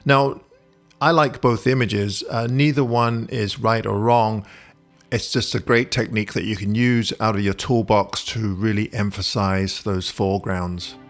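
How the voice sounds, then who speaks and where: A man with a low, gravelly voice talks through a photography lesson. He explains calmly and stops often for a thoughtful "uh", with soft music playing underneath. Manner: relaxed, explanatory, with frequent "uh" pauses. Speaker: photography instructor. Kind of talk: voice-over tutorial.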